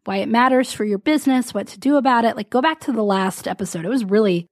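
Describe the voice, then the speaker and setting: A woman's voice: fairly high pitch, quick pace, dry recording. Woman, business coach, solo podcast chat, rambling and laughing, dry recording. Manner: chatty, rambling, self-interrupting with little laughs. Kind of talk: casual solo podcast talk.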